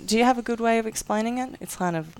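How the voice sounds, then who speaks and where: A podcast co-host talking casually, with lots of likes and quick restarts. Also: medium pitch, clean tone. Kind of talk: casual chat.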